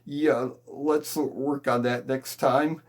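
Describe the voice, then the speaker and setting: Slow-talking male guitar teacher. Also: mid-range voice, fairly even intonation. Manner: patient, explains slowly step by step. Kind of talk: guitar lesson on hymn chords.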